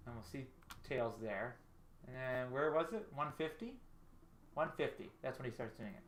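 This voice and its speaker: A man's voice: medium pitch, normal speed, a little hiss or hum. A man hosting a casual livestream, thinking aloud as he storyboards and chatting with his viewers in a self-deprecating way. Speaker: livestream host. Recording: roomy echo. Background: faint game music playing.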